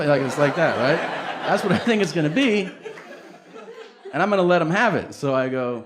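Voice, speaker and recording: A man's voice: fairly high pitch, fairly quick, in a large hall, a little hiss or hum. A male stand-up comedian on stage with a handheld mic, telling a profane story and acting out the dialogue. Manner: animated, profane, acts out dialogue.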